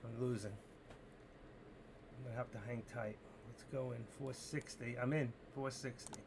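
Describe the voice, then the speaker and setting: Gravelly man day-trading live on stream. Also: medium pitch, moderate pace, background noise. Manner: talks to himself, swinging between excitement and frustration. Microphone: desk mic through streaming software.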